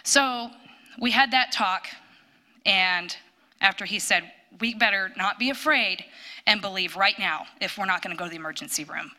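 Bright-voiced woman telling a testimony. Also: medium pitch, normal speed. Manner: storytelling, animated when quoting. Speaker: church speaker sharing a testimony. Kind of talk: personal testimony in church.

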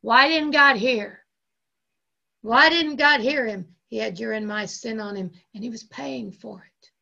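A woman pastor delivers an impassioned sermon and leans on repeated phrases. Her voice sits high and sounds bright, with a gravelly rasp. She speaks slowly, and the recording sounds dull and lo-fi. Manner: impassioned preaching with slow, drawn-out emphasis and repeated phrases.

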